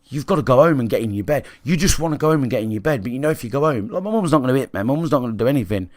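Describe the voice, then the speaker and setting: A man's voice: medium pitch, lively intonation, very fast, a little mellow, no room sound. A British man speaking in a medium voice with a dry, close sound. He tells his story frankly and swears freely, talking casually to his live chat. He checks in often with listeners. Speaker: gaming livestreamer.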